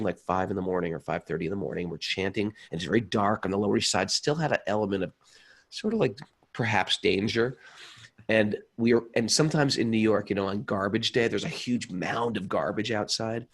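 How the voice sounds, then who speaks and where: A man's voice: on the low side, a bit bright. A man co-hosting a casual spiritual talk show, telling long rambling stories and often repeating himself. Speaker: podcast co-host. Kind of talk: casual chat.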